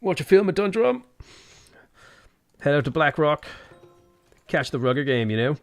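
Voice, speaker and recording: A man's voice: a little high, big pitch swings, normal speed, dry recording, soft background music. A man doing a smug posh Dublin lad. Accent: posh South Dublin (D4). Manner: laid-back, smug, dude-speak.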